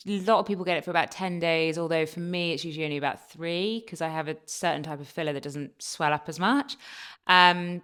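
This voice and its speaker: With faint background music, a young woman vlogging about beauty talks casually to camera in an upbeat, confiding way. Her voice is low, fairly bright, and clean.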